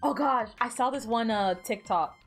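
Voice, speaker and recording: A woman's voice: fairly high pitch, moderate pace, faint music behind. A woman from the United States chatting casually while gaming on stream, giggling often and rambling through lots of filler words.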